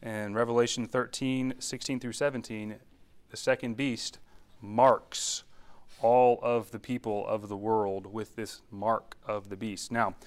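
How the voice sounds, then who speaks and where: A man preaching a sermon in a conversational, animated way, with asides and questions to his listeners. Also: on the low side, unhurried, clean tone. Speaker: pastor.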